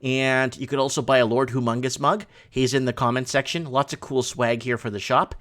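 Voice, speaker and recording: A man hosting a casual livestream from a home studio, talking through chat messages in an excitable, rambling way. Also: mid-range voice, brisk. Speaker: livestream host.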